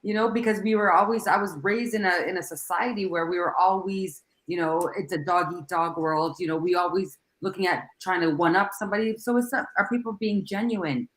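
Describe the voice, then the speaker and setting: A woman co-hosting a casual panel talk, with a smooth radio voice and a slow, drawn-out delivery. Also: on the low side. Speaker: program director and co-host. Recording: roomy echo.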